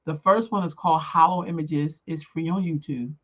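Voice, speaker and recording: An older woman co-hosting a casual chat, outspoken and emphatic, moving between calm reflection and heated rants. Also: low-pitched, moderate pace, muffled recording. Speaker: co-host.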